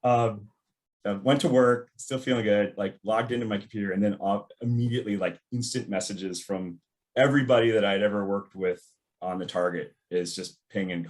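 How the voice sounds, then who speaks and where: Lowish-voiced man telling a story. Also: normal speed. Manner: animated, laughs often, acts out quoted voices. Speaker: guest, former intelligence analyst. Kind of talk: conversational storytelling.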